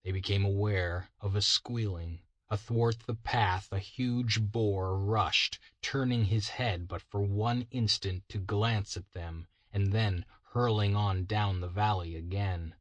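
A man reading a story aloud in steady, measured narration. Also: on the low side, no room sound, muffled recording. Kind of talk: scripted narration.

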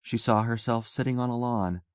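Calm male storyteller, dry sound. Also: medium pitch, moderate pace, no echo. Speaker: narrator. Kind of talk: scripted narration.

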